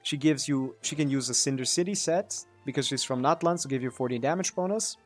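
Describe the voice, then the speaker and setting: A man giving casual gaming commentary, explaining character mechanics with frequent "uh" fillers and slowing down to emphasize points. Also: mid-range voice. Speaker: game content creator. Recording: faint background music.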